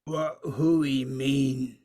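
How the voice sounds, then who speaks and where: A man's voice: mid-range voice, fairly even intonation, drawn-out words, mellow, dry recording. A man voicing a dim-witted, brutish man who speaks in broken phrases and calls himself "me". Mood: confused. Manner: broken speech, talks of himself as "me".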